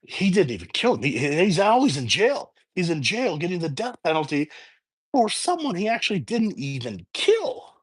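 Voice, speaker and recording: A man's voice: high voice, wildly swooping pitch, moderate pace, breathy edge. A man hosting his own review channel, casually retelling a film's plot off the top of his head with frequent restarts and fillers. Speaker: movie reviewer. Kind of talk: casual spoken film review.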